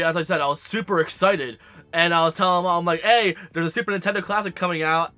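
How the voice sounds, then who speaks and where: A young man telling a story to his viewers in a casual, animated way, sassy and cursing freely. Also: a little high, dry recording. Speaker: gaming vlogger.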